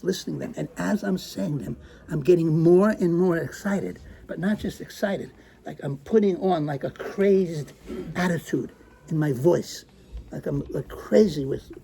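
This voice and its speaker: A man teaching a lesson, using Hebrew terms and acting out his stories, moving from hushed tones to excited outbursts. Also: a little high, creaky, breathy edge. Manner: animated, swings from hushed to excited. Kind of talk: lecture with acted storytelling.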